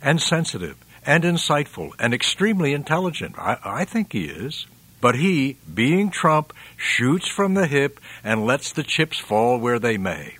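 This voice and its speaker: Measured, emphatic male commentary host. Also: medium pitch, very animated, a bit bright. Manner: measured, emphatic, chuckles often. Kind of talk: commentary reading listener responses.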